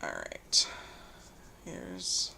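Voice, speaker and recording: A woman's voice: drawn-out words, bright, forceful tone, slight background noise. Chatty woman hosting a sewing stream. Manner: chatty and easily distracted, laughing at herself; reads viewer comments aloud. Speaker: quilting livestream host. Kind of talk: casual chat while hand-sewing.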